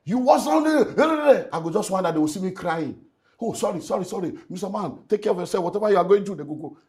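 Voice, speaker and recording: Rapid-fire and high-voiced, a middle-aged Nigerian man who works as a pastor and relationship speaker delivers an emotional personal testimony in an interview. He tells it animatedly, mixing in Nigerian Pidgin and swinging between loud and quiet.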